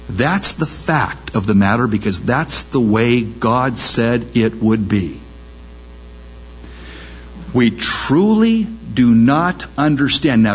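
A man's voice: mid-range voice, dull audio, slight background noise. A man preaching a sermon, impassioned, firing off rhetorical questions and pushing his voice up sharply on exclamations. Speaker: pastor.

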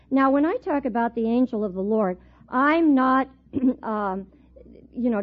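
A middle-aged woman with a fairly high voice teaching a Bible class. She tells her stories in an animated way and laughs often. The recording is thin and tinny, like a phone line. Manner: animated storyteller, laughs often while telling.

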